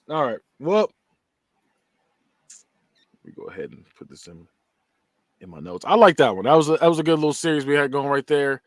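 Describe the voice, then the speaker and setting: A man hosting a casual gaming podcast, animated and quick to laugh. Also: medium pitch, dry recording, studio quality. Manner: animated, laughs often, drawn-out talk. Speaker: podcast host.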